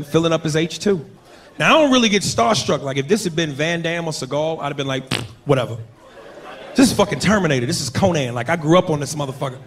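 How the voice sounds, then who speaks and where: A man doing a profane stand-up comedy routine with loud impressions on a club stage. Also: fairly high pitch. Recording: live club with loud crowd and noise. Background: audience laughter.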